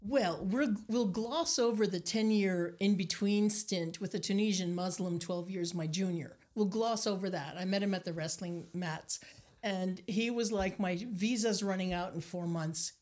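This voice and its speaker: An older woman from Nova Scotia, a guest telling animated stories in an interview, acting out the people she quotes. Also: mid-range voice, measured pace. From Nova Scotia, Canada. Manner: animated anecdotes, acts out quoted voices. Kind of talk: storytelling interview.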